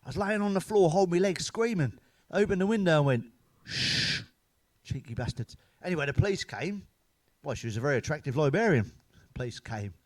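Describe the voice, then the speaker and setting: A middle-aged British man telling crude, sweary one-liner jokes in a deadpan stand-up monologue. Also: fairly high pitch, fast talker, dry recording. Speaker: stand-up comedian.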